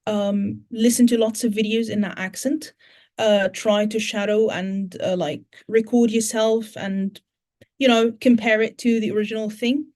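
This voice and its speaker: A woman's voice: on the high side, steady tone, a little slow, darkish tone. A woman teacher trainer with a British English accent, answering audience questions at an online conference and explaining in steps, with many fillers and restarts.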